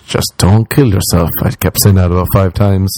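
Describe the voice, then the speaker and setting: In a low, steady, mellow voice at a moderate pace, a young Irish man who does comedy tells a story on his podcast. The casual storytelling monologue wanders, swears freely, and pokes fun at himself.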